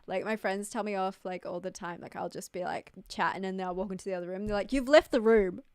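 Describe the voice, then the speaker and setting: A woman's voice: mid-range voice, level tone, fast, clean tone, dry recording, clean studio sound. A young woman, chatting on a casual livestream in a rambling, giggly way full of fillers. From New Zealand. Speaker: streamer.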